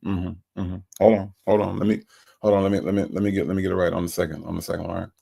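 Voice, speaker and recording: A man's voice: low-pitched, completely flat delivery, rapid-fire, vocal fry, mellow, slightly rough. A man hosting a casual livestream, reading out viewer comments and greeting each one in a playful way. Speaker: livestream host.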